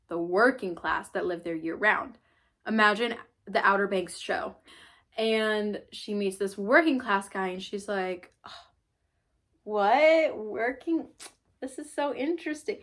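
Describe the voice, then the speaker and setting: Young woman vlogging a book haul, chatty and rambly, tons of likes and ums. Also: medium pitch. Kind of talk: casual book haul chat.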